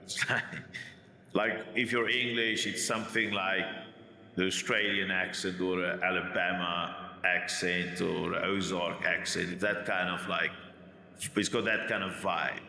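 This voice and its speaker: A man in his forties speaks with a rough Afrikaans accent from the East Rand. His voice is low yet bright and forceful, and he rambles through long asides. The room rings with a long, echoing reverb. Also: little pitch movement, unhurried. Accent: Afrikaans South African, East Rand. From South Africa. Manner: rambling, many restarts and asides. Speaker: YouTube commentator. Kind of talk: reading a script, then rambling casual monologue.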